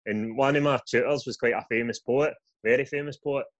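A young Scottish man, a guest author, telling his story in a sweary, animated podcast chat. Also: mid-range voice, fairly quick, no room sound, lo-fi sound. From Scotland.

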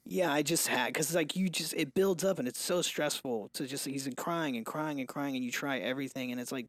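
A young man speaks as a father on a casual podcast, candid and a little rambling, often restarting his thoughts. His voice sits at a middling pitch. The sound is dry and close, with almost no room. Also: a little fast, few pauses, a bit bright, no room sound. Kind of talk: casual chat.

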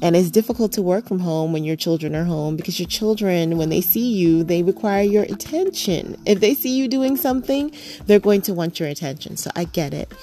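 A woman's voice: lowish voice, animated, a little fast, warm tone, faint music behind. A woman and mother hosting a podcast, chatting casually and earnestly with frequent fillers and restarts. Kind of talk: casual chat.

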